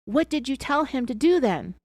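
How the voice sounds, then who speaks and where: A woman voicing a confrontational male FBI agent, yelling and pressing hard with questions. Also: sits high, lively intonation, moderate pace, dry recording, voice pushed up. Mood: angry, accusing. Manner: yelling, accusing, relentless questioning.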